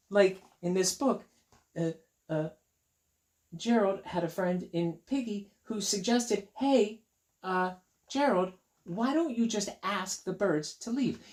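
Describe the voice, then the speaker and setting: A male teacher reading a picture book aloud to children, gentle and chatty, repeating himself as he talks straight to the kids. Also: sits high. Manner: gentle, chatty and repetitive, talking directly to young kids.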